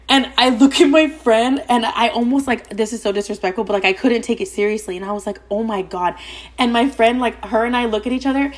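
A young adult woman hosting a podcast, telling a story in casual chat: fast, profane and gossipy, with "like" all through. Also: a little high. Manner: rapid, profane, gossipy, heavy use of "like". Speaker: podcast host.

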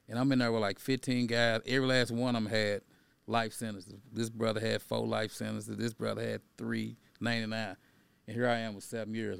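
Middle-aged male guest with a gravelly voice, dry close sound, conversational storyteller who builds to a preaching tone. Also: lowish voice, no room sound. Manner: conversational, tags lines with "right?" and "you know". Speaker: podcast guest, activist and educator.

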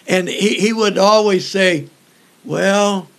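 Older evangelist, man; unhurried, joking storyteller with a rough, gravelly edge. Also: high voice. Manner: folksy, joking, halting with fillers. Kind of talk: storytelling in an interview.

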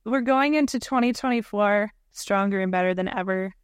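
A woman's voice: mid-range voice, normal speed, clean tone, dry recording, studio quality. A young woman co-hosting a casual podcast, with a playful, teasing manner. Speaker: podcast co-host. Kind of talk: casual chat.

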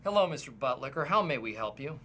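An actor playing a self-important, overeager office boss in a sitcom. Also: male voice, medium pitch, very animated, quick pace, bright, forceful tone, a little hiss or hum. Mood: pompous. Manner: pompous, overeager. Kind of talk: sitcom acting.

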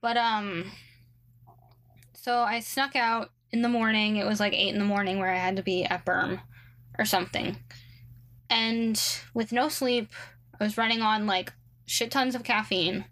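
A woman's voice: mid-range voice, fairly even intonation, unhurried, long pauses, a bit bright. A young woman casually telling a story about a roommate, full of "like" and "um", with sarcastic asides. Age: young adult. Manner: chatty, many likes and ums, sarcastic asides.

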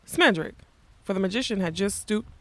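A woman reading a fantasy storybook aloud in a measured, expressive narration style. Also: medium pitch, no room sound. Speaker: audiobook narrator.

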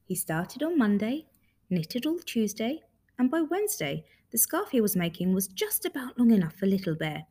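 A woman reading a children's story aloud in a lively, expressive way. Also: fairly high pitch, moderate pace.

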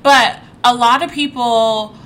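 A young adult woman co-hosting a podcast, chatting casually and firing off quick questions. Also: on the high side, steady tone, a bit bright, a little hiss or hum. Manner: quick reactions and probing questions. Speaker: podcast co-host. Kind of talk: casual chat.

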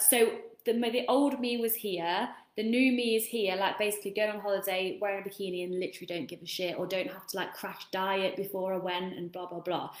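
A woman, a self-love coach, giving a rambling, casual motivational talk and swearing freely. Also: mid-range voice. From England. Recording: echoey room.

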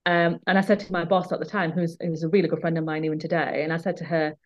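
A woman with a lowish voice tells a personal story in an earnest, emphatic way. She often repeats words when the point matters to her. The sound is a bit muffled and dull. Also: level tone, fast. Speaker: guest. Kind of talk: candid conversational storytelling.

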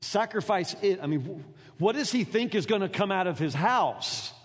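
A male pastor delivering a sermon with a fairly high voice, earnest and stammering, with repeated words and frequent questions to the listeners. His voice carries a long reverb from a large hall. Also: lively intonation, normal speed. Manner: earnest, stammering repetitions, rhetorical questions to the congregation.

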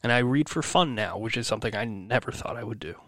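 A man's voice: medium pitch, expressive, quick pace, a bit bright, dry recording, studio quality. Swearing man venting to his listeners. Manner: swearing, rambling, self-encouraging. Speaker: podcast host. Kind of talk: personal venting monologue.

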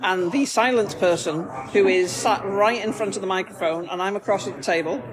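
A woman's voice: medium pitch, fairly quick. A woman with a Scottish accent, co-hosting a podcast, chatty and teasing with frequent laughs. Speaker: podcast co-host, therapist. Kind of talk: casual chat. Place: busy coffee shop. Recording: noisy café crowd. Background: café crowd chatter.

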